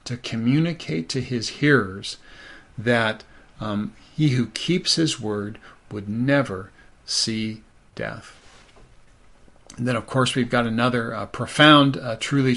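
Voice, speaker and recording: A man's voice: mid-range voice, slow pace, fairly bright tone. A man preaching a sermon as pastor, conversational and thoughtful, with many "you know" asides.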